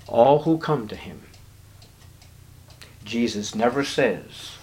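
A man preaching a sermon, swinging between low murmurs and high, emphatic declarations and stretching out words for emphasis. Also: lively intonation, slow, pauses often, darkish tone, slightly rough. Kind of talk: evangelical sermon.

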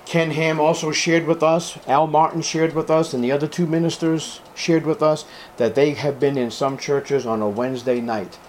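A man preaching a sermon as a pastor to his congregation, fervent and emphatic, with sudden loud, high rises on key words. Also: steady tone, moderate pace, hardly any pauses, slight background noise.

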